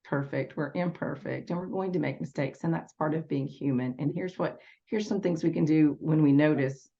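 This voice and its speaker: In steady, teaching tones, a woman with a low, gravelly voice describes her work as a parenting educator while answering interview questions. She speaks at normal speed with a patient, instructive manner, and the audio is dull and lo-fi.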